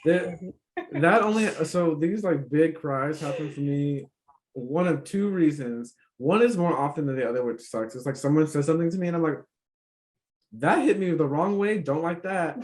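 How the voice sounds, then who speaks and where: A man hosting a casual conversation, talking emphatically with lots of fillers and swearing. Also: on the high side. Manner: emphatic, profane, filler-heavy. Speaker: podcast host.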